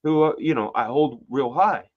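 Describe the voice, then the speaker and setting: A mid-pitched man chats loosely on a podcast, spinning stories with bursts of energy and plenty of swearing. He acts out other people's lines as he talks. The audio is a little dull and lo-fi. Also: moderate pace. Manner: animated storyteller, swears, acts out quotes. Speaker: comic book artist guest. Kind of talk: casual podcast conversation.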